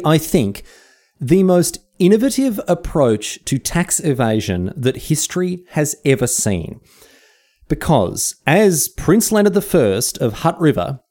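A man's voice: medium pitch, darkish tone. An Australian man narrates a comedic history podcast, his voice climbing and dipping all over the place. He delivers it with dry sarcasm and cheeky asides. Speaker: podcast host.

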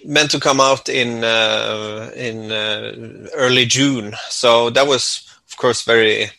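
A Norwegian man answers in English with hesitant, thoughtful phrasing and plenty of fillers. His voice is gravelly with a bright, forceful edge. The sound is dry and close. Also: mid-range voice, fairly even intonation, slow pace, no room sound. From Norway. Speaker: musician guest. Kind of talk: interview answers.

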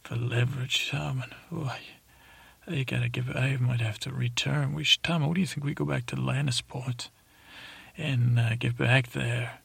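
A man voicing a rambling, flirtatious male cat knight in a meandering bedtime story for a sleep podcast, halting with many fillers. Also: mid-range voice, fairly even intonation, creaky, a bit bright, slightly rough, dry recording, heavily acted.

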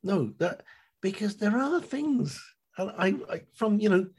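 A man chatting as a guest with a podcast host, animated and swearing freely. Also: high voice, measured pace, slightly rough. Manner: animated, swears, slips into mocking voices. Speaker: podcast guest, host's friend. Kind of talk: casual chat.

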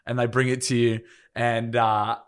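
A man's voice: mid-range voice, flat delivery, normal speed, clean tone. Swearing Australian bloke in his twenties. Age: 20s. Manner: crude, joking, swears a lot. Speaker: podcast co-host. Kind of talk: casual chat.

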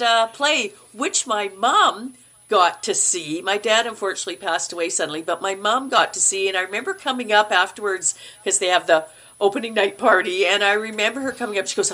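A middle-aged woman chats as a podcast guest in a casual, unhurried way. She tells her story with lively voices for the people she quotes, her pitch leaping up for their lines before settling back into a medium register. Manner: animated, acts out quoted voices with big pitch jumps. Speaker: guest actor.

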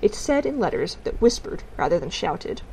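Woman narrator, storybook reading, measured delivery. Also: mid-range voice, very animated, darkish tone, slight background noise, rough recording. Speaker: audiobook reader.

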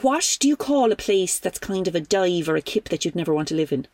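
A woman's voice: on the low side, lively intonation, a little mellow, no room sound. A middle-aged Irish woman hosting a podcast, chatting casually on a call, playful and teasing. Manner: playful, teasing, quick to laugh. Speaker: podcast host. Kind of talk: casual phone chat.

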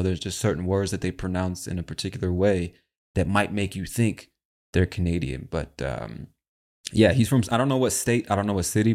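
A male podcast host with a very low, deep voice chats casually about accents. He speaks directly to the listener, calling them "my friend," in an easygoing style. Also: a little mellow. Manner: chatty, addresses the listener as "my friend". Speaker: host of an English-learning show.

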